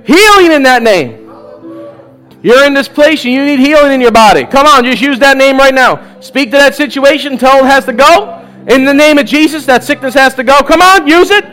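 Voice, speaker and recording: Faint music plays behind a man with a very high, somewhat bright voice who preaches at normal speed during a church service. He exhorts the live congregation with repeated "come on" calls and bursts of laughter, leading them in prayer as part of a charismatic sermon and altar call.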